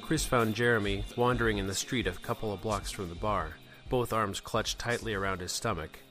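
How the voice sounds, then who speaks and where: Man, serial story narrator, fairly low voice, bright tone, steady delivery. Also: moderate pace, soft background music.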